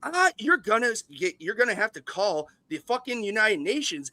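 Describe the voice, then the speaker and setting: A man doing an impression of a furious, foul-mouthed male movie studio boss who yells threats. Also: high-pitched, sing-song, moderate pace, no room sound, heavily acted. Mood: raging threats. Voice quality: yelling, threatening, profane.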